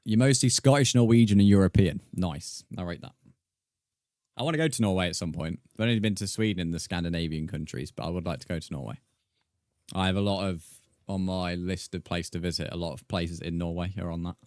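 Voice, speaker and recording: A man's voice: low-pitched, brisk, darkish tone, dry recording, clean studio sound. A young man streaming a game, chatting casually and reading viewer comments aloud. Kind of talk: casual live-stream chat.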